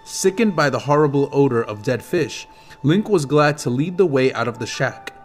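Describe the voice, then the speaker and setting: This is a fantasy audiobook read by a male narrator with a mid-range voice, scripted and told at a calm, measured, steady pace.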